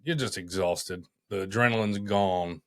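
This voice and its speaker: A man, a firefighter guest, tells his story on a podcast, halting often and restarting his sentences. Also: fairly low pitch.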